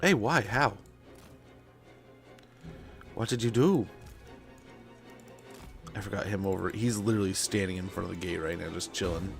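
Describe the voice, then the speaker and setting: A man's voice: low voice, normal speed, creaky, pauses often, soft background music. A young man chatting casually and rambling while playing a strategy game on stream, with lots of fillers. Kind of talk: casual gameplay chat.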